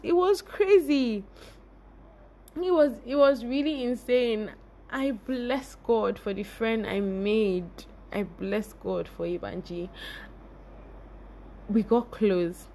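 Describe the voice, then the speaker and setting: A young woman hosting a podcast, telling a personal story in a lively, expressive way and laughing often. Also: fairly high pitch. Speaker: podcast host.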